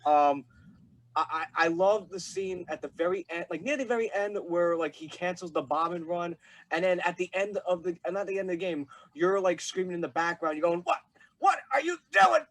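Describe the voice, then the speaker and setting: A man's voice: high voice, fairly quick, no room sound, low-quality recording. A young man hosting an interview, asking questions in an eager, fan-like way full of "like" and "uh". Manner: eager, fan-like, many fillers. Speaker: podcast host. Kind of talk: casual interview chat.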